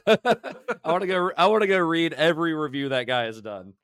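A man's voice: on the high side, fairly bright tone, smooth, dry recording, studio quality. A man co-hosting a film podcast in casual chat, playful and often laughing. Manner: laughing, playful, quick quips. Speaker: podcast co-host.

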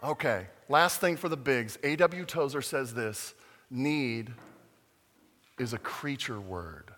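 A man's voice: medium pitch, expressive, slow pace, a bit bright, in a large hall. A man giving a playful, interactive sermon to children and adults at church, drawing the audience in with questions. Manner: playful, interactive, acts out voices. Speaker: children's pastor. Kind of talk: animated family sermon to kids and adults.

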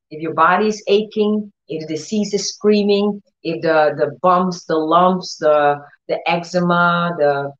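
A woman teaches in a sermon style and presses her points through repetition. Her voice sits a little low, and short laughs break through. The recording sounds dull and lo-fi. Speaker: Christian teacher.

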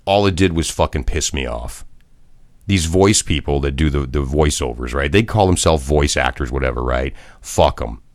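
A man's voice: a bass voice, normal speed, dry recording. A middle-aged man and former broadcaster, co-hosting a podcast in casual chat with blunt, profane rants. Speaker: podcast co-host.

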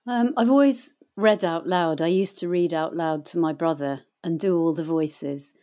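As a guest in a casual chat, a middle-aged voice actor and audiobook reader spins rambling stories dotted with fillers. The woman's voice is lowish and warm, at a moderate pace.

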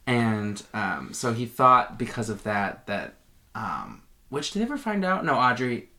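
A man's voice: mid-range voice, very animated, measured pace, pushed and bright. A man co-hosting a podcast, chatting casually and playfully, rambling with many fillers. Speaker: podcast co-host.

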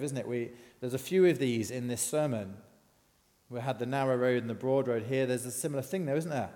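Man, conversational sermon, rhetorical questions, medium pitch, reverberant church hall. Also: a little mellow. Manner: conversational, asks the congregation questions. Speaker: preacher.

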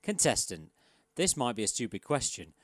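A man's voice: mid-range voice, big pitch swings, normal speed, dry recording, clean studio sound. Laughing man reading quiz blunders. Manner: laughs often, reads quiz lines with mock host and contestant voices. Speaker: podcast co-host. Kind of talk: casual podcast chat, reading out quiz blunders.

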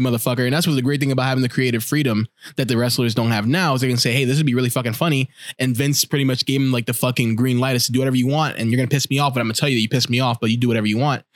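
A man chatting on a podcast at a rapid clip, excited and loose with his swearing. He keeps breaking into acted-out quotes as he tells a story. The sound is close and dry. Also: mid-range voice, dry recording. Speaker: podcast co-host. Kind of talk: casual chat.

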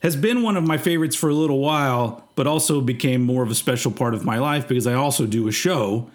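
A man's voice: medium pitch, fast talker. Rambling, cussing podcast host man. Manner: rambling, many fillers and swearing. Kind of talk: casual podcast chat.

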